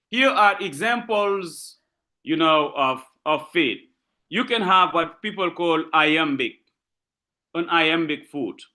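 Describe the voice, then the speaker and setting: Slow, lively male lecturer. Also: a little high. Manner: slow, repetitive teaching with frequent checks like "okay?". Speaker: literature lecturer. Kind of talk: online lecture.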